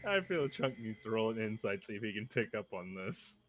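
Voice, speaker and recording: A man playing a tabletop game, chatting in an animated, joking way. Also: lowish voice, brisk, slight background noise. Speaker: player. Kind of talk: casual tabletop game chat.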